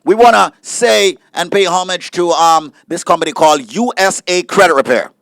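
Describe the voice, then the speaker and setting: A man co-hosting a radio show, reading out the phone number and teasing his co-host in playful, energetic banter. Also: high-pitched, moderate pace, gravelly, no echo.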